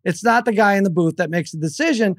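A middle-aged man co-hosting a casual podcast chat, telling stories with animated energy. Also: high voice, fast talker, dry recording, studio quality. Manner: animated storyteller who acts out his own yelling. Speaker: co-host.

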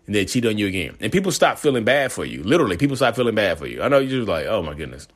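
A man's voice: lowish voice, very animated, very fast. A man ranting in a casual monologue, rambling and repeating himself as he acts out quoted voices. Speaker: self-aware narcissist vlogger.

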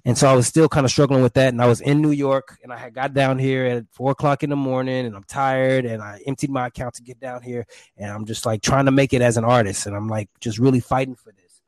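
A man, a stage performer, telling his story in a casual interview, animated and acting out voices. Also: medium pitch, quick pace, no echo. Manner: animated, acts out quotes with shouts and pants.

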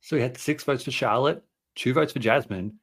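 A man co-hosting a podcast, adding details in a measured, casual way. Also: mid-range voice, vocal fry, breathy edge. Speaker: podcast co-host.

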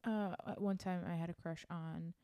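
A woman's voice: lowish voice, steady tone, normal speed, warm tone, clear, resonant tone. A young woman in casual chat with friends, playful and candid, laughing often.

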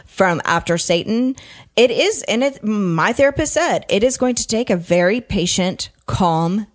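A woman's voice: medium pitch, lively intonation, measured pace. A woman in her thirties with a Southern US accent, co-hosting a casual podcast chat, rambling and swearing as she acts out quotes. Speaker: podcast co-host. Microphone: headphones.

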